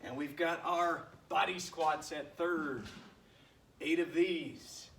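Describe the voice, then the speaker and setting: A man's voice: on the high side, fairly even intonation, slow pace, a bit bright, a little hiss or hum. A man who is a PE coach, counting reps and encouraging his class while doing the workout himself. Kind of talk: workout instruction video. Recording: echoey room picked up from a distance.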